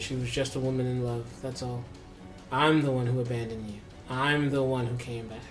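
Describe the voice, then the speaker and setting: A man's voice: medium pitch, natural voice. A man voicing an older rogue who stands up to his angry son, firm and defiant.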